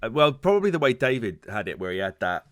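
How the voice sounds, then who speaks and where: A man's voice: medium pitch, big pitch swings, quick pace, dry recording, studio quality. A man co-hosting a gaming podcast, chatting casually in a rambling, self-deprecating way. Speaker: podcast co-host.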